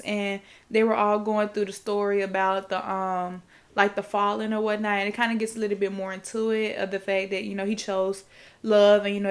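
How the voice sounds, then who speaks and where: Woman podcast host, loose profane recap storyteller, rambling, talks right to her listeners. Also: mid-range voice. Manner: rambling and profane, with repeated fillers; talks straight to the audience. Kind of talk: casual movie recap storytelling.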